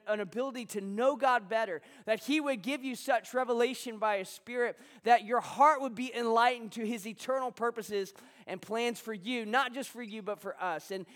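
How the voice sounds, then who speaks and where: A man's voice: very high-pitched, a bit bright, long reverb tail. A male pastor preaching a sermon to a congregation at a church service, talking loosely and conversationally with restarts and asides to the room.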